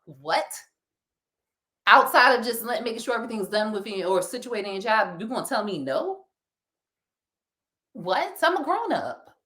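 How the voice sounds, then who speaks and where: A woman with a Philadelphia accent, co-hosting a casual talk show and ranting in an animated, preachy way with frequent laughter. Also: medium pitch. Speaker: podcast co-host.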